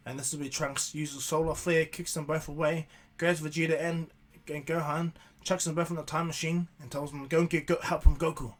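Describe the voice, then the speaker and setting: A man's voice: fairly high pitch, flat delivery, brisk, hardly any pauses. A man narrating a fan-made cartoon story casually, rambling with many restarts. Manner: rambling, filler-heavy with restarts and chuckles. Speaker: YouTuber storyteller.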